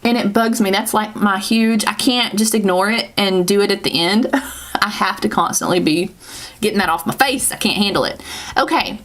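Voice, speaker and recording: A woman's voice: medium pitch, normal speed, fairly bright tone. Chatty Southern woman doing a makeup tutorial. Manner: chatty, rambling, self-correcting with laughs. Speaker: beauty vlogger.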